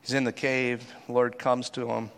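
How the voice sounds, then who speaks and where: A man preaching a sermon in a conversational, animated way, acting out the people he talks about. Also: medium pitch, moderate pace. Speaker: pastor.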